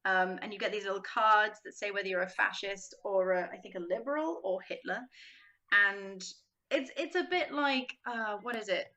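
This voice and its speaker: A woman's voice: medium pitch, moderate pace, bright, forceful tone, muffled recording. A young woman, a podcast guest, chatting casually, acting out quotes and laughing often.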